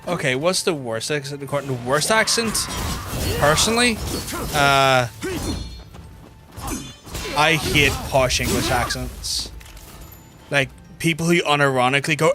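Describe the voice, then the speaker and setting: Chatty, sweary Irish streamer. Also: male voice, fairly high pitch, unhurried, pauses often. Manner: chatty, blunt and sweary, with many restarts and 'like'. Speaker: gaming streamer. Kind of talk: casual livestream chat while gaming. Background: game music.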